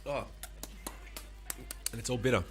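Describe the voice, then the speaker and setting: Man in his forties, bright forceful voice, live-stream chat, animated profane rants, answers chat. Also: mid-range voice, measured pace, faint music behind. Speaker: streamer and musician.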